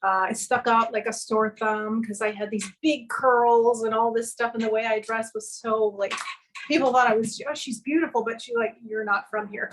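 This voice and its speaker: A guest actress and filmmaker from the American South, her voice fairly high and slightly bright, tells a long personal story during a casual video-call interview from her home music studio. She's earnest and rambling, quoting dialogue as she goes, and the recording is rough.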